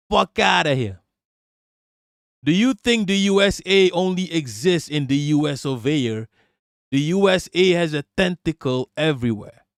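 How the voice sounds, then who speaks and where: A man's voice: on the high side, no echo, studio quality. Profane ranting man. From Malaysia. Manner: profane, mocking, indignant. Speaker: streamer. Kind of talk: live-stream commentary rant.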